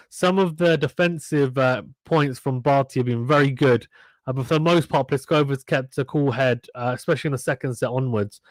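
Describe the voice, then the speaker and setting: A man's voice: medium pitch, no room sound. A man hosting a live tennis watchalong, calling points casually and reading out viewer comments from the chat. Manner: chatty, reads out viewer comments between points. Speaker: livestream host doing tennis play-by-play.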